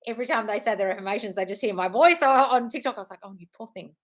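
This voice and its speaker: A woman's voice: on the high side, rapid-fire. A woman hosting a live stream as a manifestation coach, reading viewer comments aloud, swearing freely and calling viewers darling. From United Kingdom.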